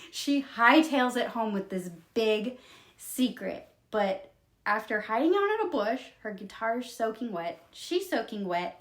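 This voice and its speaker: Expressive young woman retelling a story. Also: a little high, reverberant. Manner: expressive, emotional, laughs often. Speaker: video creator retelling books. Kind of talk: casual storytelling recap.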